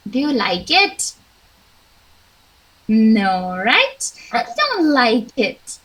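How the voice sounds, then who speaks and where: A young woman with an Indian English accent leads an online English lesson. Her voice sits high and bright, and she takes her time, spelling things out clearly. She encourages her pupils and acts out her examples. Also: big pitch swings, a little hiss or hum, rough recording. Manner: slow, clear, encouraging teacher talk with acted examples. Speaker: English teacher. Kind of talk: online class teaching.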